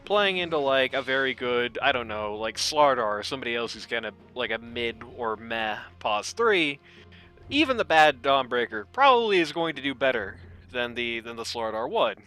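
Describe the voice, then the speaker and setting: A male esports caster with a bright, clear, crisp voice. He talks the draft through in a loose, joking way and swears casually. Soft music plays faintly behind him. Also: mid-range voice, sing-song, moderate pace. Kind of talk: casual game commentary.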